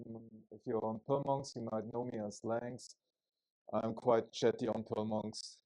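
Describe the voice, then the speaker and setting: A man's voice: on the low side, level tone, measured pace, dark tone, low-quality recording. A man from Germany with a German accent, giving a chatty, joking technical talk at a conference, with frequent fillers and restarts. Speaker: conference speaker.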